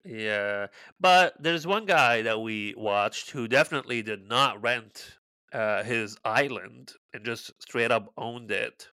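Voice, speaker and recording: A podcast co-host with a medium-pitched, sharp yet smooth voice chats casually at a slow pace, sarcastic and exclaiming, with frequent swearing. The recording has no echo.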